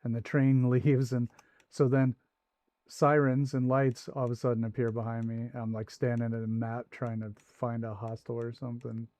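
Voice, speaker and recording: Male streamer, warm mellow tone, dry close sound, loose rambling storyteller while gaming. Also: medium pitch, flat delivery, moderate pace, no room sound. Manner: rambling anecdote with asides. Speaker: livestream host.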